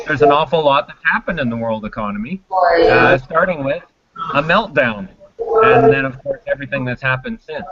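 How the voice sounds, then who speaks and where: A man's voice: mid-range voice, muffled recording. A man speaking as an economist guest on a video call, answering in a hesitant way with many fillers. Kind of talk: remote interview answers.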